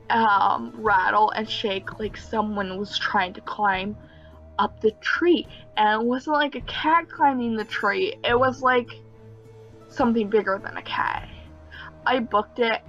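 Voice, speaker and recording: A woman's voice: fairly high pitch, muffled recording. A young woman casually telling a personal story, rambling with many fillers and small nervous laughs. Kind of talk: casual story time narration.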